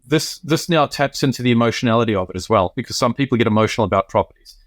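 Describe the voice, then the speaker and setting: A man co-hosting a relaxed podcast, walking through his points in a measured, explanatory way. His voice sits at an average pitch. The recording is close and dry. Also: no echo. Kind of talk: casual podcast chat.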